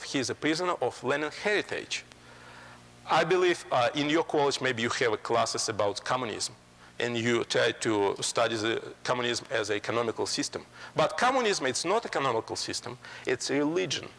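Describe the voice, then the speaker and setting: A man addresses a college audience. His voice is gravelly and rough. His English is halting, full of ums and restarts. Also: mid-range voice, fairly bright tone, in a large hall. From Soviet Union. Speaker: guest lecturer. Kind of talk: public lecture.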